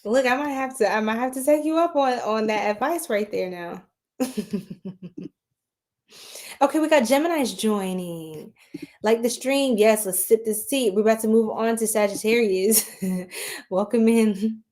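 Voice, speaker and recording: A woman's voice: fairly high pitch, unhurried, long pauses, darkish tone. A woman reading tarot on a late-night livestream, chatting with viewers in a giggly, scattered and tired way.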